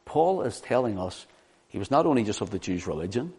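A male preacher giving a Bible-teaching sermon in a fairly low voice. He is animated, and he keeps checking in with the listeners through rhetorical questions. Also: fairly quick, husky.

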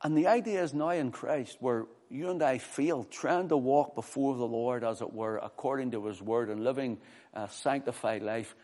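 Fervent male preacher in a reverberant hall. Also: normal speed. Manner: fervent, rises loud and high then drops low for scripture reading. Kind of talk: sermon.

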